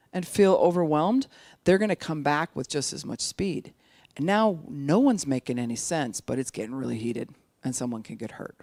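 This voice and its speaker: An older speaker at an addiction recovery outreach gives an informal teaching talk, animated and sometimes slowing right down to make a point. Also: mid-range voice, dry recording. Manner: animated, acts out quoted voices, sometimes slows speech right down to demonstrate.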